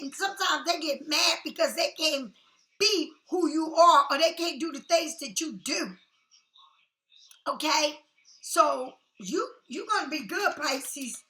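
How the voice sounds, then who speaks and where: Blunt, sassy female tarot reader, high and bright, echoey room. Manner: blunt, sassy and talkative, swears freely. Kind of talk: casual tarot reading.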